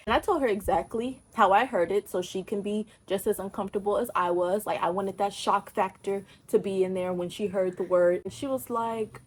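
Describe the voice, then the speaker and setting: A young woman vlogger from Texas tells an animated, emphatic, profane storytime in casual talk. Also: mid-range voice, a little fast, few pauses, a little hiss or hum.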